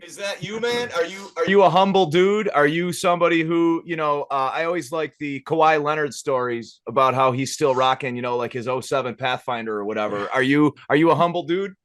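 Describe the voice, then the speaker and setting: A man's voice: fairly high pitch, a little fast, few pauses, a bit bright. A man hosting a casual interview. He reacts with laughs and says man and bro a lot. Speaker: podcast host. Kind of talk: casual chat.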